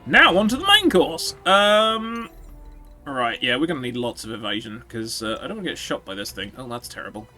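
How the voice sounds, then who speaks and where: Male streamer, lively pitch and a bright, forward tone, dry sarcastic game commentary laced with swearing, faint music underneath. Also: normal speed. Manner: sarcastic, swearing, jokey asides to chat. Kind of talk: casual gameplay commentary.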